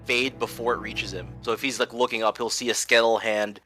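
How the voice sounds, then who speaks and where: A man's voice: medium pitch, level tone, a little fast, sharp tone, faint music behind. A man playing a tabletop game, explaining his character's actions in a rambling, filler-heavy way. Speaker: player. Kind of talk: casual table talk.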